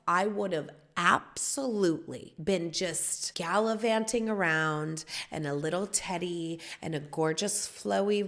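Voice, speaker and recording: 40s lady podcast host, kinda low voice, spilling spicy stories all animated. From United States. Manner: bawdy, animated storyteller. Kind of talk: candid storytelling.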